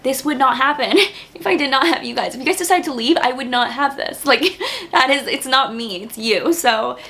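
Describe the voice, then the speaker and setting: A woman's voice: high voice, expressive, normal speed, pushed and bright. A young woman in her twenties talking casually to camera as a YouTuber, earnest and grateful, with lots of "like" fillers. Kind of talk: casual vlog talk to camera.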